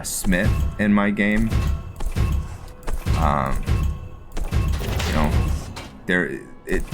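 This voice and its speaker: A man with a very low voice and an unhurried pace gives casual commentary as he plays a fantasy game. He thinks aloud in a relaxed way, with plenty of fillers, and faint music plays underneath. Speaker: let's play host.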